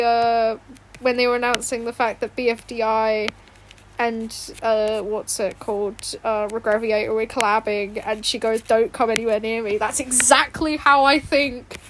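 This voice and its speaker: High-pitched woman streamer, rambling and giggly, home room with a loud fan behind. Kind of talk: casual livestream chat while drawing. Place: home bedroom. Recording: fan noise in background. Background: fan hum.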